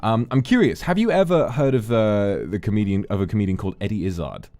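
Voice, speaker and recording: Male streamer, casual chat, low voice, easygoing, thoughtful. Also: lively intonation, quick pace, mellow, no echo, faint music behind. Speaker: streamer hosting a talk segment.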